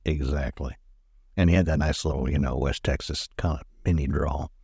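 Deep-voiced joking man. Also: steady tone, moderate pace, vocal fry, mellow, slightly rough, dry recording. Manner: joking, laughs often. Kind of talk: casual chat.

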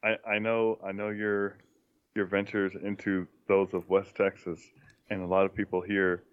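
A man's voice: deep voice, monotone, clean tone, dry recording, dull audio. A man chatting casually who tells wry stories, stopping and restarting often. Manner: halting, many restarts, wry storyteller. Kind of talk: casual chat.

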